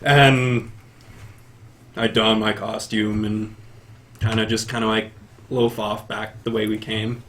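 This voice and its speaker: A man playing a tabletop game, talking in a flat, laid-back way. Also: lowish voice, takes it slowly, long pauses. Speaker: player.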